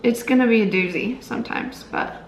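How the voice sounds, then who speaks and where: A woman's voice: a little high, expressive, brisk. A woman co-hosting a casual vlog, chatting earnestly to camera and trailing off with fillers. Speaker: co-host of a couple's channel. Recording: roomy with faint noise.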